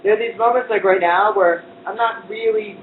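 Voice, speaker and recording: A man's voice: high-pitched, steady tone, moderate pace. A man hosting a casual cooking show, chatty and playful, joking as he cooks in a kitchen. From United States. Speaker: host cooking on a live stream. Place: kitchen indoors. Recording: distant echoey lo-fi phone-like live stream with noise.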